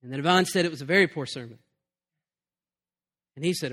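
A man preaching in an earnest, conversational way, with a fairly high voice for a man. He talks the listeners through his point plainly and sincerely. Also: brisk, pauses often, a bit bright. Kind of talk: sermon on preaching.

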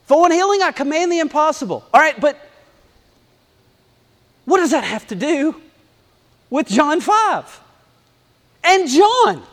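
A man preaching a sermon in a lively, conversational way, acting out asides as he reads scripture. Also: extremely high pitch, a little slow, pauses often, in a large hall. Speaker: pastor.

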